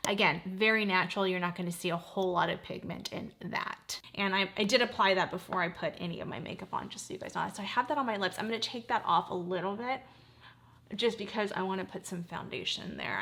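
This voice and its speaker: A woman's voice: medium pitch, fast, creaky, a bit bright. A woman in her forties chatting casually while doing her makeup, easily sidetracked and close to tears at times. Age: 40s. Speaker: beauty vlogger.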